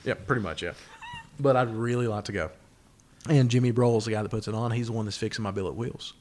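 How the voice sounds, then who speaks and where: A man's voice: lowish voice, fast, a little mellow. A man from the co-hosting a podcast, telling a rambling story with swearing in casual chat. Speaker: podcast co-host.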